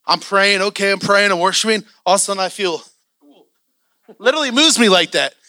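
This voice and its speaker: A man preaching in a church, telling a story in a lively sermon style with acted-out quotes. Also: high-pitched, a little fast, no echo, studio quality. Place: church sanctuary.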